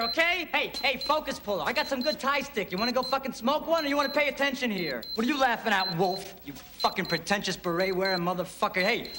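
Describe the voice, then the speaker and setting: Brief: burned-out indie director melting down on set, very high, screaming abuse at the crew, noisy film soundtrack. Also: male voice. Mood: sneering. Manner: ranting, shouting, profane. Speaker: actor in a film scene.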